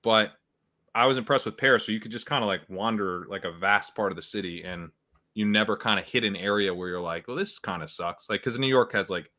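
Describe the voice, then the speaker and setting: Bright-voiced man chatting casually. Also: fairly low pitch, brisk. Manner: rambling, lots of fillers and laughs. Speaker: fantasy football podcast host. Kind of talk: casual live stream chat.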